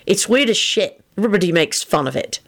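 An earnest, sheepish young man, soft-spoken and devoted, read by a woman. The voice stays close to the reader's own low tone, with only a slight change in colour. It is a gentle storybook reading rather than a strong character voice. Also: lively intonation, moderate pace. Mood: dogged.

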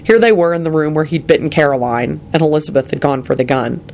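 Expressive storybook narrator, gravelly voice. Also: medium pitch, fast, a little hiss or hum. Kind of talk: reading fan fiction aloud.

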